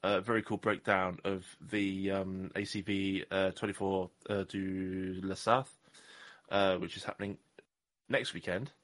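A man from southwest England co-hosts a podcast with a deep, fairly bright voice that moves little in pitch and takes its time. He rambles in casual conversation, joking and mocking himself.

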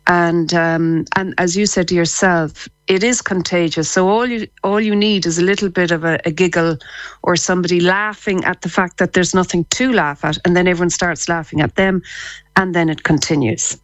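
A woman's voice: fairly low pitch, steady tone, moderate pace, no room sound. Irish woman, chatty radio guest. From Ireland. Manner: chatty, laughs easily, restarts often. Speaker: psychotherapist and laughter therapist guest. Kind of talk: casual radio interview.

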